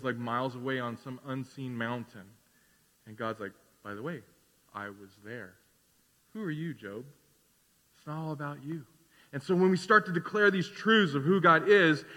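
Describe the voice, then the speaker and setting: A man preaching a sermon as pastor, animated, swinging between loud declarations and quiet asides. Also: sits high, in a large hall. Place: church sanctuary.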